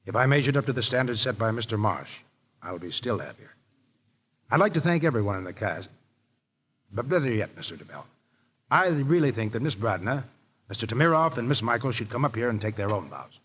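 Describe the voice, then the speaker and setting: Husky man giving a gracious radio speech. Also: medium pitch, very animated, fairly quick, a bit bright. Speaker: actor speaking to the host. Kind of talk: scripted radio thank-you speech. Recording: dull lo-fi 1930s radio broadcast.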